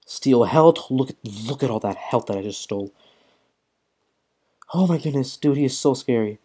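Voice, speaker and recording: Young male streamer, excitable casual commentary, frequent swearing, hiccups and throat-clearing. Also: mid-range voice, normal speed. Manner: excitable, swears often, reads chat aloud. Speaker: mobile game streamer.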